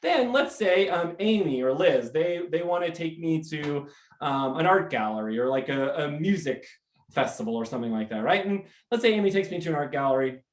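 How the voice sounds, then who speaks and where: Upbeat american guy giving a pep talk, kinda high voice, echoey room. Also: brisk. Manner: energetic, animated, acts out little scenes. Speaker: host. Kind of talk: motivational live talk.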